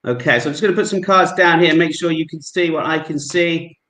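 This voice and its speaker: A man's voice: a little high, steady tone, a little fast, pushed and bright, roomy sound, slight background noise, low-quality recording. A man with a London accent performing a card trick over a video call, polite and friendly, narrating each move. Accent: London English. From England. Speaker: guest amateur magician.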